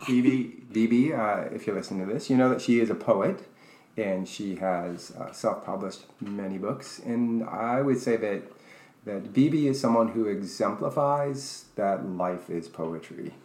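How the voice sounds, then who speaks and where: Male co-host, low voice, dry and deadpan, short replies, echoey room. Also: a little slow. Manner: dry, understated, brief replies. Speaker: podcast co-host. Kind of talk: casual chat.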